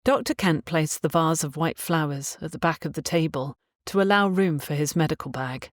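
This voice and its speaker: A woman reading an audiobook as narrator in a steady, even storytelling manner. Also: sits low, normal speed, dry recording, clean studio sound.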